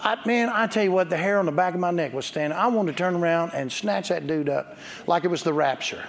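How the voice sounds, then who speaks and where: This man preaches as pastor with a high, creaky voice and a fast delivery, and a little hiss or hum runs under it. He is emphatic, calls for responses from the congregation, and tells jokey stories along the way. The sanctuary gives a long hall reverb.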